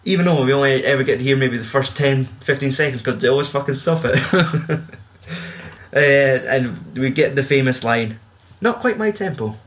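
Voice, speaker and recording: A man in casual chat, swearing freely and acting out quotes in a louder voice. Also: medium pitch, steady tone, moderate pace. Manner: swears a lot, acts out quotes in raised voices.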